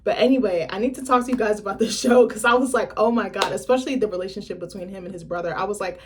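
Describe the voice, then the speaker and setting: Woman, young adult, vlogger, casual chat to camera, blunt, profane, chatty, mid-pitched voice. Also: quick pace, a crowd in the background.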